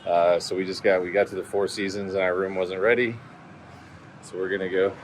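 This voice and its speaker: A man in his thirties chatting through a vlog on his handheld phone, talking in a loose, storytelling way. His voice sits on the low side. Steady background noise, often from a car, runs under his talk. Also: fairly quick. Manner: chatty storyteller who acts out quotes. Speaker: vlogger. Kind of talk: casual vlog chat. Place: on the go: home, car, airport lounge.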